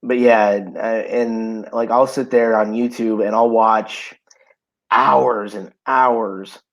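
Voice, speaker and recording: A man with a lowish voice co-hosts a casual podcast from home, and the recording is rough. He has the hiccups while he tells stories in a relaxed, easygoing way, packed with fillers.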